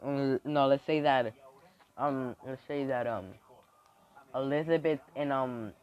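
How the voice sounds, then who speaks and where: A man improvises a piece of fan fiction as he goes, rambling with lots of restarts and ums. His mid-range voice is slow, fairly even in intonation and somewhat dark in tone. The recording is dull and lo-fi.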